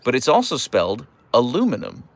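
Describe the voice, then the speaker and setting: A young man hosting a casual live stream and answering chat in a playful, animated way, with mock outrage and stammered restarts. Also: mid-range voice, a little fast, gravelly. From United States. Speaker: livestream host reading chat.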